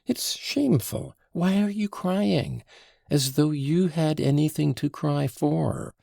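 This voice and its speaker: A man's voice: mid-range voice, sing-song, creaky, a little mellow, slightly rough, no echo, full character voice. A man reading an audiobook, voicing a teasing, imperious young woman who scolds insistently. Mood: reproachful. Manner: insistent, reproachful, quick to scold.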